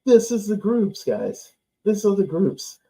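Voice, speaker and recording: An American man hosts a live football watchalong stream, chatting loosely and sarcastically, swearing and laughing a lot. His voice sits high and is very animated but slow, with a dark tone, and the stream audio is slightly dull and lo-fi.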